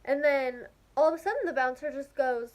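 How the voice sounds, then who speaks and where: A young woman with a high voice chats casually to her vlog audience. She gushes with excitement and peppers every sentence with "like". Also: fairly quick, dull audio. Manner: gushing, excitable, heavy use of "like". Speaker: vlogger. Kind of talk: casual storytelling to camera.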